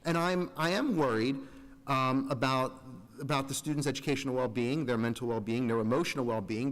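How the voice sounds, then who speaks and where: A board member in his 40s, with a mid-range voice and slightly fast delivery, gives public meeting remarks in a large school meeting room. He's earnest and rambling, interrupting himself, and the reverberant hall leaves a long echo.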